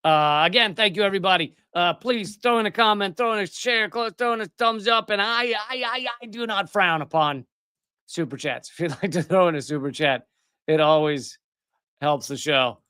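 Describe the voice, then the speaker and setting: A man's voice: high voice, moderate pace, sharp tone, clear, resonant tone, no room sound, clean studio sound. A man hosting a live political commentary show, ranting with biting sarcasm. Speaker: host.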